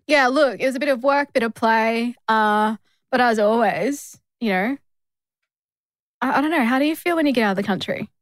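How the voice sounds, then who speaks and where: An Australian woman co-hosting a casual podcast, telling travel stories in a lively way and acting out the people she quotes. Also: normal speed, dry recording. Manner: animated storyteller, acts out quoted people with rising pitch. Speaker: podcast co-host. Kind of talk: casual conversational podcast chat.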